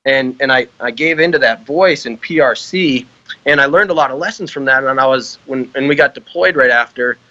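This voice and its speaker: A man's voice: medium pitch, a little fast, bright, forceful tone, no echo, muffled recording. A young man, an army veteran guest on a podcast, chatting casually with lots of laughter, loose rambling and heavy swearing.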